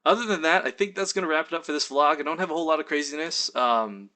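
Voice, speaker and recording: Young guy vlogging, kinda high bright voice, chatty and animated, acts out quotes. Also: fast talker. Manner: animated, lots of fillers and acted-out quotes. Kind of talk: casual storytelling vlog.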